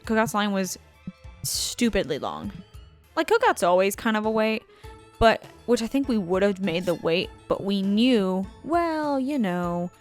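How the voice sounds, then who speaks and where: Give me a woman co-host casually telling a swear-heavy story while playing a game. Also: medium pitch. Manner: profane, animated anecdote with acted-out quotes. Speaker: let's play co-host.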